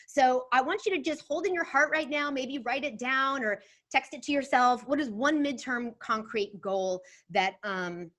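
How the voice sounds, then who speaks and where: A woman with a fairly high voice leads a live online workshop. Her delivery is energetic and expressive, with quick shifts in emphasis. She sounds middle-aged. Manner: animated, expressive, reads chat aloud.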